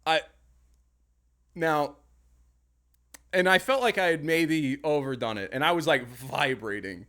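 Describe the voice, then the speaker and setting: A young man spins a story in casual podcast chat, his voice sitting a bit high for a man. He is animated and swears freely, acting out his own angry outbursts. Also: unhurried. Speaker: podcast co-host.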